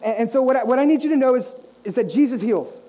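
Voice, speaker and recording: Young pastor guy preaching, chatty and animated, asks the crowd stuff, warm mellow voice. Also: very high voice, quick pace, low-quality recording. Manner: animated, conversational preaching with rhetorical questions to the congregation. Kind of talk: sermon.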